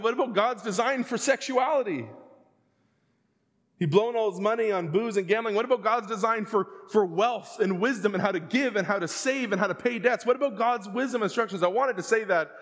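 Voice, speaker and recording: A man in his thirties preaching a sermon, telling stories and acting out the voices, sometimes rising to a shout. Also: high voice, a little fast. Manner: storytelling, acts out quoted voices, rising to shouts. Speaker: pastor. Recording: long hall reverb.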